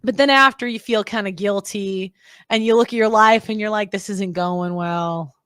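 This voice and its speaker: High-voiced rambling woman, casual chat. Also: fairly quick, a bit bright, smooth, no echo, studio quality. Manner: chatty, rambling, self-interrupting. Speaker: influencer.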